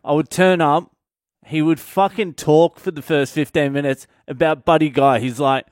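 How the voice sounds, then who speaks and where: A man's voice: a little high, moderate pace, no room sound, studio quality. Profane Australian man telling a story. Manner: profane, blunt, deadpan. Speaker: stand-up comedian. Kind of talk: comic storytelling monologue.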